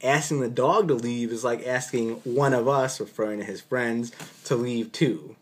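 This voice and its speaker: A man's voice: medium pitch, normal speed, breathy edge. Man, doctor, casual storytelling, dry sarcastic delivery, mid-range voice. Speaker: physician recounting an on-call shift.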